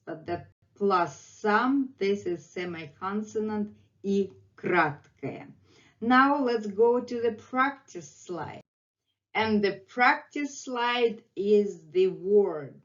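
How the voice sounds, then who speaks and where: A woman's voice: medium pitch, muffled recording. A woman with a Russian accent, a native Russian speaker, teaching a language lesson and patiently repeating sounds and words for learners. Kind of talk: slow, deliberate language lesson.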